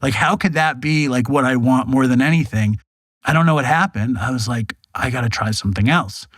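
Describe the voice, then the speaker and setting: A man in his forties speaks candidly as a podcast guest, moving from plain telling into animated bursts where he acts out old conversations. His voice sits in a middle range, and the close, dry recording keeps every word close to the ear. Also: mid-range voice, brisk, no echo. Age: 40s. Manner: frank, animated, acts out quoted dialogue, swears. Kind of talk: candid storytelling interview. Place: podcast studio.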